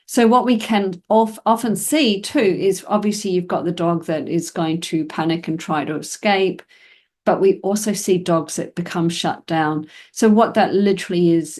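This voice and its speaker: A woman's voice: fairly low pitch, a little mellow. A woman hosting a podcast about dog training, explaining in a casual, conversational way with frequent fillers and acted-out examples.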